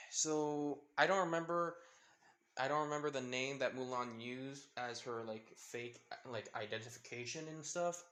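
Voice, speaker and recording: A man's voice: mid-range voice, unhurried, fairly bright tone. A man casually retelling a fan-made story in a rambling way, with lots of fillers and restarts.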